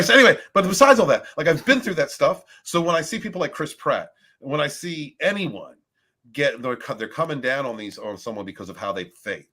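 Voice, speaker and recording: A man hosting a podcast in casual chat, animated and rambling with restarts and frequent swearing. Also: medium pitch. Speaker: podcast host.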